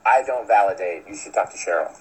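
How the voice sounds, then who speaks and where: A man's voice: fairly low pitch, fast, a little mellow, natural voice. A man playing a dry, offhand worker in a comedy film scene.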